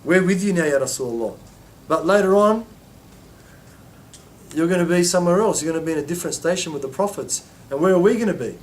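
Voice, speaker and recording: A man's voice: on the high side, animated, fast talker. A man teaching an informal religious lesson, telling stories and acting out quoted voices with many restarts.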